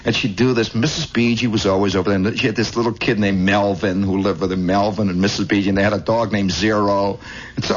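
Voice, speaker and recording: A man hosting a radio show, telling a long improvised story with many asides, shifting between hushed and excited, on an old lo-fi recording. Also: on the low side, fast, slight background noise. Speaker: radio host. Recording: dull lo-fi 1960s radio.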